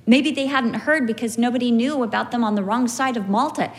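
A middle-aged woman teaching from the Bible in a conversational way, telling lively stories and acting out the people in them. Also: a little high, brisk. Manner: animated storytelling, acts out quoted people.

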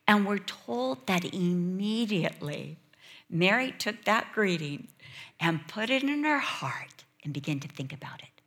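A woman preaching a sermon, telling a childhood story with lively acted-out voices. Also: mid-range voice, unhurried. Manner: animated, acts out quoted voices and childhood fears.

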